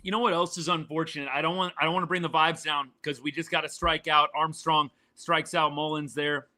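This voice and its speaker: A man's voice: fairly high pitch, little pitch movement, a little fast, sharp tone. A man hosting a live sports reaction stream, talking to his chat in a fired-up, exasperated way and repeating his points.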